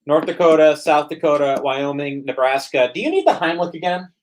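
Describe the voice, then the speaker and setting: A man's voice: fairly high pitch, animated, a little fast. Rambling man hosting a drinking stream. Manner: rambling, stammering restarts. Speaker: stream host. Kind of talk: casual livestream chat.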